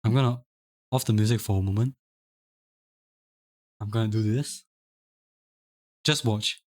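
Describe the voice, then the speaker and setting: A man's voice: on the low side, steady tone, measured pace, darkish tone. A young man streaming live, chatting casually with lots of stammered restarts and laughter. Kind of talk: casual chat.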